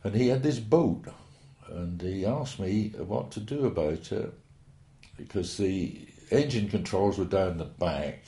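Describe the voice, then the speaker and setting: An elderly man tells old stories in a rambling, hesitant, folksy way. His voice sits low and mellow. The recording carries a roomy echo. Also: animated, a little slow. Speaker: interviewee. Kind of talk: oral history reminiscence.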